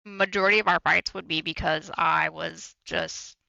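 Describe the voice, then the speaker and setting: A man's voice: fairly high pitch, fairly even intonation, moderate pace, vocal fry, bright, forceful tone, dry recording, dull audio. A man co-hosting a podcast, talking candidly and bluntly, swearing freely and repeating himself for emphasis. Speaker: podcast co-host. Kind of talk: candid casual chat.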